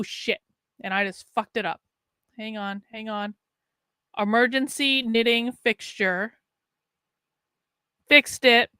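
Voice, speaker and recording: Bright, crisp-voiced woman streamer. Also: on the high side, no echo. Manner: chatty, profane, talks to viewers. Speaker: live-stream host. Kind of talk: casual live-stream commentary.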